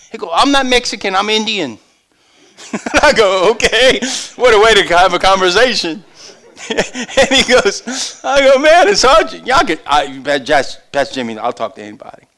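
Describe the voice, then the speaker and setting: Animated older male pastor preaching. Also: on the high side. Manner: animated storytelling, shifting between loud and hushed. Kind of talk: sermon.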